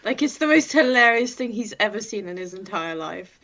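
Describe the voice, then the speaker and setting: Amused woman player, mid-pitched voice. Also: lively intonation, brisk, fairly bright tone. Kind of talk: casual chat.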